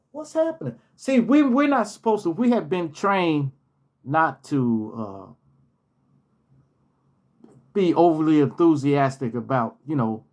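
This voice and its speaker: A man casually telling personal stories from his hotel job, repeating key phrases for emphasis. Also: fairly high pitch. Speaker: storyteller, former hotel manager.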